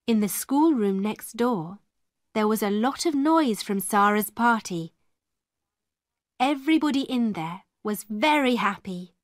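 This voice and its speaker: A woman narrating a classic story for English learners in a slow, clear, expressive reading. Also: on the high side, no echo, studio quality.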